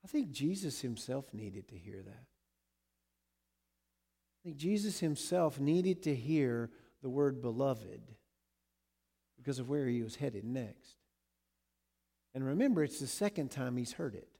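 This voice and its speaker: A man preaching a sermon who swings between loud emphasis and hushed, repeated words. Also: mid-range voice, expressive, measured pace, long pauses, husky. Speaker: pastor.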